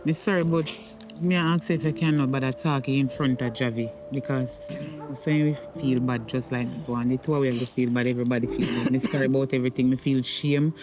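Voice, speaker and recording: A man's voice: mid-range voice, fairly even intonation, brisk, noisy background, natural voice. A man with a Jamaican accent, playing a middle-aged Jamaican mother in a comedy skit who scolds her son and later begs his pardon. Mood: apologetic. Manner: scolding, then apologetic.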